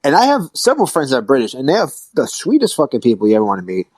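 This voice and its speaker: A man's voice: mid-range voice, wildly swooping pitch, racing, darkish tone, dry recording. A man hosting a podcast in casual chat, joking and swearing freely. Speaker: podcast host.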